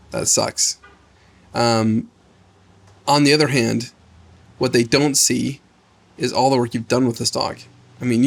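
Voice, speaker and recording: Male co-host coach, gravelly mid voice, gentle and affirming. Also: medium pitch. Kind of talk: coaching conversation.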